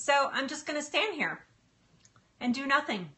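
Middle-aged woman, bright tone, laughing cooking host chatting live from her kitchen. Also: sits high. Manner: chatty, laughs often, apologetic, stalls with fillers. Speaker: livestream cooking host and health coach. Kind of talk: casual live-stream chat while cooking. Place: home kitchen.

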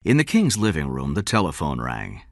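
A man narrating an audiobook story in a measured, expressive way. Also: very deep voice, no room sound, clean studio sound. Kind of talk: scripted narration.

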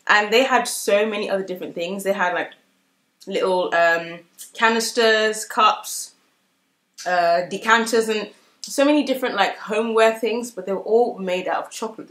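A woman's voice: mid-range voice, moderate pace, a bit bright. A young woman chatting casually in a bubbly, filler-filled way as she shows off a shopping haul for her vlog. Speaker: vlogger. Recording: echoey room.

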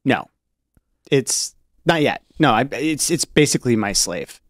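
A man speaking as a podcast guest, relaxed and agreeable, often giving short affirmations. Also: mid-range voice, measured pace, no echo, studio quality. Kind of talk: casual podcast discussion.

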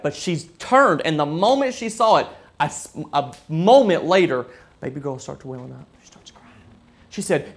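A man in his thirties preaching a sermon as pastor, earnest, often dropping to a soft near-whisper. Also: on the high side, expressive, a little fast.

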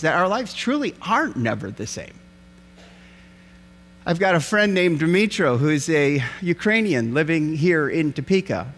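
Middle-aged male pastor, high lively voice, sermon storytelling in a church with long reverb. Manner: animated storyteller acting out voices. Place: church sanctuary.

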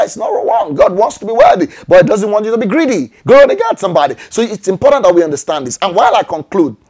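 A male pastor delivers a sermon in a high voice, pressing his points with rhetorical questions. His pitch jumps sharply upward on each exclamation. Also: darkish tone.

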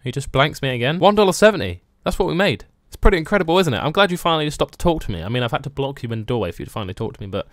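A man's voice: on the high side, big pitch swings, very fast, few pauses, no room sound, studio quality. Sarcastic man playing a game. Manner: sarcastic, playfully rude, bursts into mock outrage. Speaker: gaming YouTuber. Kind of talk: comedic let's-play commentary.

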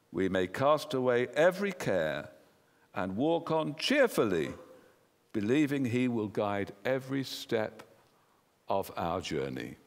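A man with an English accent preaching a sermon in a church, earnestly putting questions to the congregation. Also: lowish voice. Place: church hall. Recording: long hall reverb.

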